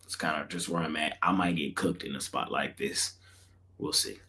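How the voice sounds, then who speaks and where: A man hosting a sports betting picks show, talking in a casual, slangy way that often trails off quietly. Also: a bass voice, fairly even intonation, normal speed.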